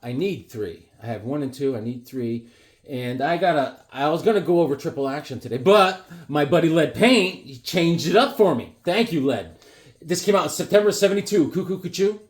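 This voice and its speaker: A man chats about his comic pickups in a loose, rambling way. His pitch jumps around a lot as he acts out the people in his stories, and his voice sits a bit above the usual male range. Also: animated, normal speed. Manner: rambling storyteller acting out the people he quotes. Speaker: comic collector vlogger. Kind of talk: casual chat showing comics.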